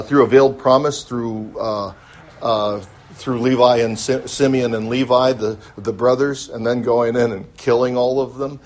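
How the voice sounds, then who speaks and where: A man of middle pitch leading a Bible study, stopping and restarting his sentences with many fillers. He answers a class member's questions politely. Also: darkish tone. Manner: polite, answers with "yes, ma'am".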